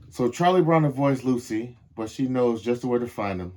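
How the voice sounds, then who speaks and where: A young man reading a storybook aloud to children. His voice sits at an ordinary middle pitch, and he reads in a measured, expressive way with deliberate pauses. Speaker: storybook reader.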